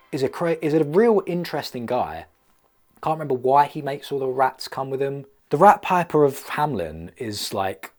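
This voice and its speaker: A man's voice: medium pitch, darkish tone. Rambling man vlogging jokily. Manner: rambling, playful and self-mocking. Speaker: filmmaker vlogger. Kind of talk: comedic vlog monologue.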